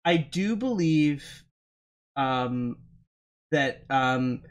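Halting man running a tabletop game. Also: mid-range voice, animated. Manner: halting, many fillers. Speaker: game master.

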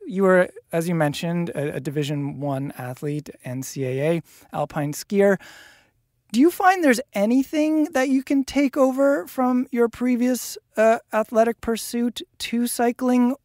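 Casting note: interviewer, mid pitch, dry close-mic sound, measured questions. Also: no echo. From Canada. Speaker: podcast interviewer. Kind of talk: podcast interview.

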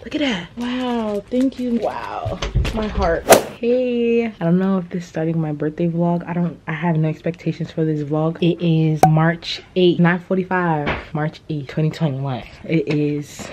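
A woman in her twenties talking casually to her phone camera in a birthday vlog, chatty and excitable, with dull phone audio and faint hiss. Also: on the low side, measured pace. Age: 20s. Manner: chatty, excitable, tearful over gifts. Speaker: vlogger.

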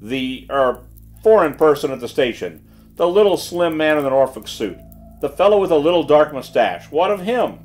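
A man voicing a hot-tempered, burly old colonel who blusters loudly. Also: on the high side, big pitch swings, normal speed, faint music behind, pitched above the performer's own voice. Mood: blustering. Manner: loud, blustering, indignant.

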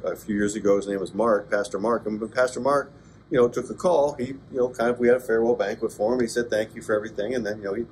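Pastor guy teaching bible class, lowish voice, chatty and jokey, gets worked up sometimes, faint room noise. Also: quick pace. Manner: chatty, joking asides, rising to excited emphasis. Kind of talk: conversational Bible class lecture. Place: church classroom.

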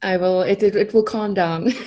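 A woman from South Africa with a South African accent, a coach speaking as a guest on a podcast, gentle and laughing softly. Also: mid-range voice, fairly even intonation, takes it slowly, slight background noise. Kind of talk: casual podcast interview.

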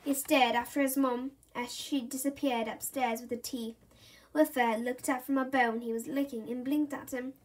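Storybook reader: woman, high-pitched, animated and expressive. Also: normal speed. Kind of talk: children's story read-aloud.

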